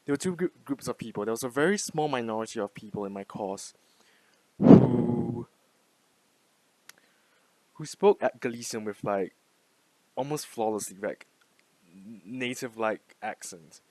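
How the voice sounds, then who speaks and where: Speaking at normal speed with an animated, lowish voice and no room sound, a twenty-something man who vlogs about language learning talks off the cuff. His casual monologue wanders, packed with filler words, offhand cursing, and plenty of laughter.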